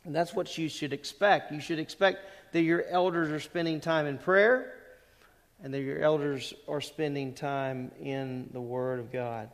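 A middle-aged man preaches in a church, his slightly high voice ringing out with a long hall echo. His tone is conversational, and he keeps asking the congregation questions as he works through the text. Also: steady tone, unhurried. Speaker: pastor. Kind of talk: expository sermon. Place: church sanctuary.

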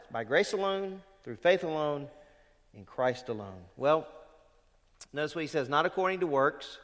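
A pastor preaches a sermon in a church sanctuary, the big room audible around him. He's emphatic, growing loud on quoted verses, dropping low at phrase endings, and calling questions out to the congregation.

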